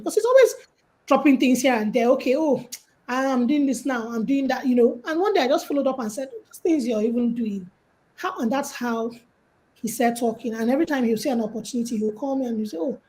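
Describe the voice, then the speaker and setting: A woman's voice: on the high side, fairly quick, a little hiss or hum, rough recording. A Nigerian woman giving casual life and money advice on a call, telling stories and acting out quotes. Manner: lively, storytelling with acted-out quotes. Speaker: guest speaker.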